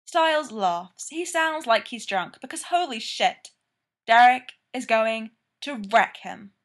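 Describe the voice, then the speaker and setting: Woman narrator, slow and measured story reading. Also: on the high side, lively intonation, fairly bright tone. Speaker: reader of fan fiction.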